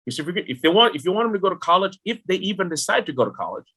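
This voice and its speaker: Bright, animated middle-aged man. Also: sits high, very fast, breathy edge. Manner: animated, rhetorical questions, talks directly to the listener. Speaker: retirement planning guest. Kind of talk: podcast interview explanation.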